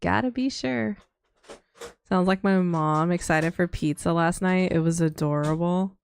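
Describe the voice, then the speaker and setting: A woman's voice: lowish voice, steady tone, normal speed, smooth. A woman streamer chatting casually with her live chat, rambling with lots of fillers. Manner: rambling, many fillers and laughs.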